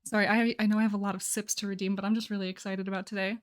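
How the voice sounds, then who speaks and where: A woman's voice: medium pitch, level tone, very fast, clean tone. A young woman hosting her live stream, chatting casually, bubbly and a little flustered, laughing often. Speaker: livestream host.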